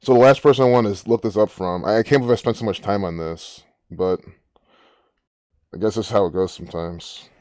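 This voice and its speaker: A man's voice: fairly low pitch, brisk, darkish tone, no room sound, studio quality. A man hosting a casual commentary, rambling and musing aloud with frequent restarts. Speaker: gematria channel host.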